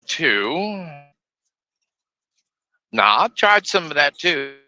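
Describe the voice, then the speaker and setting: A man's voice: a little high, big pitch swings, extremely slow, pushed and bright. A man streaming live from his truck, chatting in a folksy, grumbling way and laughing often. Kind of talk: casual live-stream chat. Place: inside a semi truck cab.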